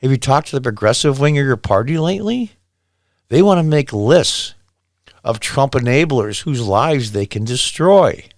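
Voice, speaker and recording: A man hosts a solo commentary show, reading news items and breaking off into incredulous, sarcastic rants. His voice sits at an ordinary middle pitch. The sound is close and dry, with no room around it. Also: animated, moderate pace, no echo. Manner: exasperated, sarcastic, incredulous outbursts. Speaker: political commentary host.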